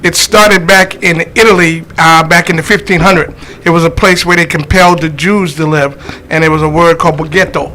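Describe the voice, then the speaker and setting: A man's voice: fairly high pitch, fairly even intonation, moderate pace, pushed and bright, slight background noise. A man guesting on a talk show as a comedian, joking and telling stories with wry asides. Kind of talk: casual talk show chat. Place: church basement studio.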